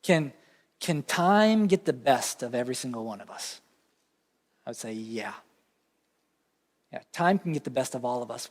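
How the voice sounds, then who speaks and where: A man's voice: medium pitch, darkish tone. A man with a Southern American accent preaching a sermon as pastor, conversational and earnest, leaning on emphatic repetition. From Southern United States. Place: church sanctuary. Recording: long church reverb.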